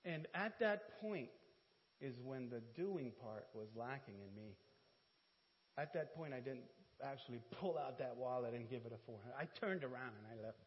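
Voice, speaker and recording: A man preaching in a church and telling a personal story, animated and humorous, acting out conversations. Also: mid-range voice, moderate pace. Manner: animated, acts out dialogue with humor. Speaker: pastor. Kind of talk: sermon storytelling. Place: church sanctuary. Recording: dull, reverberant church audio.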